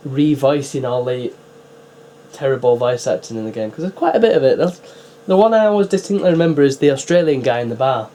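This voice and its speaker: A man's voice: medium pitch, expressive, fairly quick, warm tone, a little hiss or hum. A man giving casual running commentary while setting up and playing old PC games, with wry, chatty asides. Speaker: retro PC builder and player.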